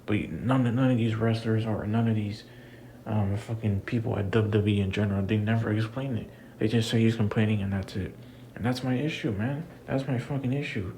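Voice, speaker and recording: A young man rants casually to his audience in a lowish voice, circling back to the same complaints with plenty of fillers and restarts. He sounds exasperated throughout. A faint hiss sits under the recording. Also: steady tone, fairly quick, dark tone, low-quality recording. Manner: frustrated, repetitive, many fillers. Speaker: wrestling commentator. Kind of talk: casual rant to camera.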